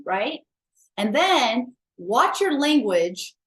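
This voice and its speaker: A woman's voice: medium pitch, lively intonation, normal speed. A woman wellness coach giving a chatty, emphatic motivational talk, blunt and self-mocking, with the odd swear word.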